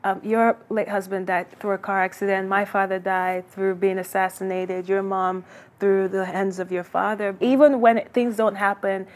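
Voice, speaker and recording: A woman hosting a faith-centered talk show, reflecting in a thoughtful, measured way. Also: mid-range voice, little pitch movement. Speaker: host.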